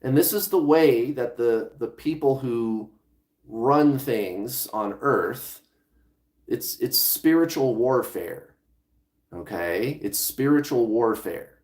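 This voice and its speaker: Man, casual vlog talk, mid-pitched voice, roomy echo, conversational. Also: expressive, takes it slowly, darkish tone. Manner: conversational, restarts phrases, occasional swearing. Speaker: law of attraction coach. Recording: echoey room.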